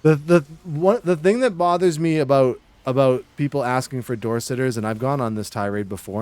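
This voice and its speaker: A man's voice: medium pitch, brisk, hardly any pauses, darkish tone, no echo. Streamer type, male, hams up a fake Boston-New York accent, jokey with chat, clean dry home-mic sound. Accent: exaggerated put-on Boston-New York. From Massachusetts. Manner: joking, playfully ribbing chat. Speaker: livestreamer. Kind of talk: casual livestream chat.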